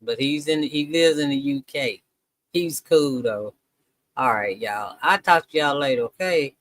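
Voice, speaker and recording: A man's voice: mid-range voice, unhurried, fairly bright tone. A man chatting casually to his viewers during a live reaction stream, talking to them as "y'all".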